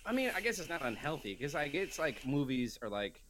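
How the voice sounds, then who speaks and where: A man's voice: fairly high pitch, brisk, a little hiss or hum. A young man co-hosting a podcast, rambling through stories in casual chat and acting out his own quoted lines. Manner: rambling, animated storytelling with put-on quoted voices. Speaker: podcast co-host.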